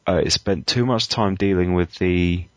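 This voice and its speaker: Deep-voiced man, dry sound. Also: moderate pace, dry recording. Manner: hesitant, critical opinions with many ums and uhs. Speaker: podcast co-host. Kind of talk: casual chat.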